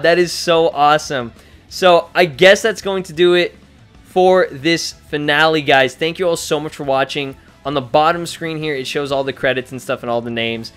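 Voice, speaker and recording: A young man giving excited, profanity-laced commentary on his playthrough. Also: fairly high pitch, normal speed, clean tone. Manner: hyped, swears a lot, frequent exclamations. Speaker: let's play gamer. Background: faint game music.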